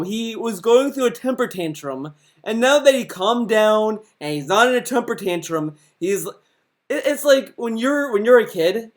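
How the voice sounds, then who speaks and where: A man giving reaction commentary in a sarcastic, profane, mocking manner. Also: high voice.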